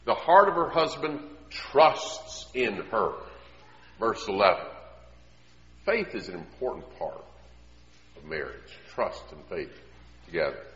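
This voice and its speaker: A man preaching a sermon in an earnest way, often dropping to quiet emphasis. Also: on the low side, very animated, slow, pauses often. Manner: earnest, drops to quiet emphasis, acts out quoted voices. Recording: echoey hall, dull lo-fi sound.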